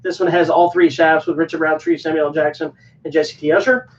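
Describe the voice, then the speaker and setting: A man's voice: a little high, flat delivery, brisk, a little hiss or hum. Easygoing man co-host, distant muffled sound. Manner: easygoing, rambling with fillers. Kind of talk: casual chat. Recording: dull sound from a distant mic.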